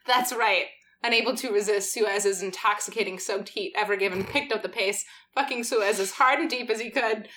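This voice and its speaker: A woman's voice: medium pitch, moderate pace, pushed and bright, a little hiss or hum. A woman co-hosting a comedy podcast, reading a story in a mock-sultry way and often giggling. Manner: giggly, mock-sultry narration that breaks into laughter. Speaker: podcast co-host reading fan fiction. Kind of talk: comic dramatic reading.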